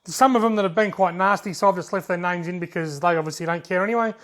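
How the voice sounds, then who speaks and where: A man's voice: high voice, fast, a bit bright. An Australian man hosting a fishing video channel, casually reading out viewer comments in a jokey, laid-back way and chuckling often.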